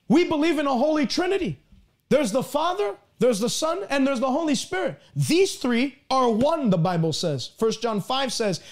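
A man preaching a sermon, reading scripture aloud with slow, emphatic stresses. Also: very high voice.

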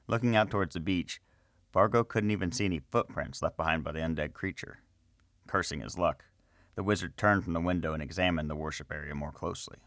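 A man's voice: very deep voice, a bit bright, dry recording, studio quality. A man narrating a fantasy story and chatting to his listeners in a friendly way.

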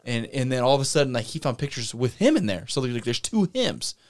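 A man's voice: mid-range voice, fast talker. Rambling man retelling a creepy story. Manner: rambling, retells stories with animated quoted voices. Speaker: podcast co-host. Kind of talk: casual chat.

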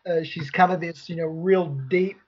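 A husky, slightly higher-voiced man leads a loose movie podcast. He rambles easily between points with plenty of restarts, and the recording sounds dull and lo-fi. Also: level tone, moderate pace. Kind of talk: casual movie review chat.

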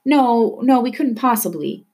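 A woman's voice: a little high, animated, a little slow, warm tone, voice pushed up. A woman voicing a weary, cautious refugee father who speaks firmly and politely, in a storybook read-aloud. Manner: weary, firm.

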